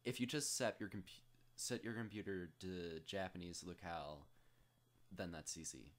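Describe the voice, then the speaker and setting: Man, very low voice, casual tutorial, rambling, jokey asides. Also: moderate pace. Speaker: tutorial host.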